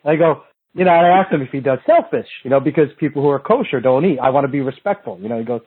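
Husky-voiced man on a tinny line. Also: mid-range voice, expressive, very fast. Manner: rambling, swears freely, acts out both sides of conversations. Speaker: fitness industry coach, podcast guest. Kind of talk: casual profane storytelling.

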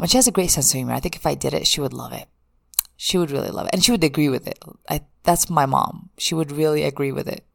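A woman's voice: low voice, creaky, fairly bright tone, slightly rough, dry recording, studio quality. A woman therapist talking candidly in a rambling, casual monologue with frequent restarts.

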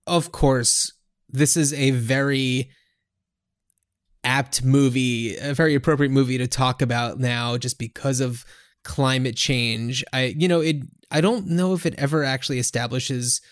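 A man's voice: mid-range voice, clean tone, no echo, clean studio sound. A man hosting a podcast, chatting casually in a rambling way with lots of fillers. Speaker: podcast host. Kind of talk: casual chat.

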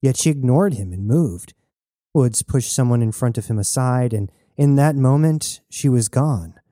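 A man reading a novel aloud as narrator in a steady storytelling manner. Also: mid-range voice, a little slow, no echo, clean studio sound. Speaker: audiobook narrator. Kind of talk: scripted narration.

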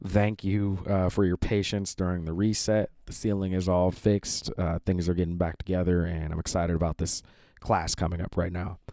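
A man with a very low voice introduces his podcast in a loose, rambling way, pausing on fillers. The recording is dry and close, with no room sound. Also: no echo. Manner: relaxed, rambling with many fillers. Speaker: podcast host. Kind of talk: casual spoken intro.

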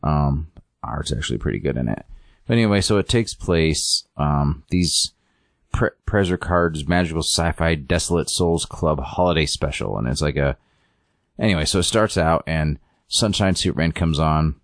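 Deep-voiced rambling man, dry sound. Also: normal speed, vocal fry, dry recording. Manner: rambling, filler-heavy, acts out quotes. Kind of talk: casual chat recapping a comic.

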